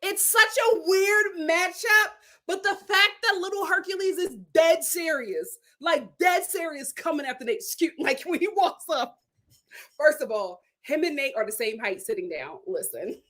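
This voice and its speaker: A young woman chatting through a live TV recap with a high, bright voice that leaps all over its range. She laughs a lot and slips into quick impressions of the people she's gossiping about. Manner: animated, laughing, acts out quotes in other voices. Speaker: host. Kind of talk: casual live TV recap chat.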